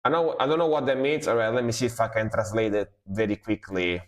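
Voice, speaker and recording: A man's voice: lowish voice, quick pace. A man streaming live music reactions, musing aloud, fumbling over foreign words and cheering the riffs. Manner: excited exclamations over the music.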